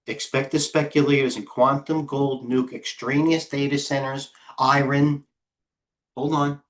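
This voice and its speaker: A man's voice: medium pitch, little pitch movement, a little slow. Blunt, rambling man talking market trades. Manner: blunt, rambling, self-interrupting market talk. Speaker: head trader and market coach. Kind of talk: live trading stream commentary.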